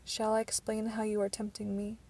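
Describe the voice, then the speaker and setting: Woman voicing a brooding young vampire guy in an audiobook, hushed, flat, gravelly tone. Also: mid-range voice, brisk. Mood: hushed intense. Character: young male vampire, intense and protective.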